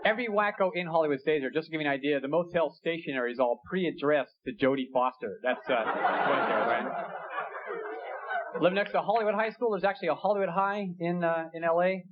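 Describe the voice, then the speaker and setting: Young male stand-up comic, high-ish voice, animated delivery, old hissy lo-fi tape. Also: a little fast. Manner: animated, acts out a fight story with rising shouts. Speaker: stand-up comedian. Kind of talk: stand-up comedy set. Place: comedy club stage. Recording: dull lo-fi VHS tape with loud hiss. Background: audience laughter and crowd noise.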